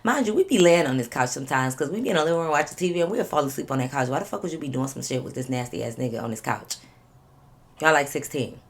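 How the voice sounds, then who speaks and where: A woman vlogger telling a story in casual, animated fashion, swearing freely and acting out what people said. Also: extremely low pitch, quick pace, husky. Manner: animated, swears freely, acts out others' lines.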